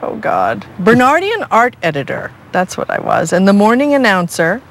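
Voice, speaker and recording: A woman in her sixties from New Jersey, an actress answering interview questions in an animated, playful way and laughing often. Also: mid-range voice, normal speed. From New Jersey, USA. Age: 60s. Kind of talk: relaxed conversational interview.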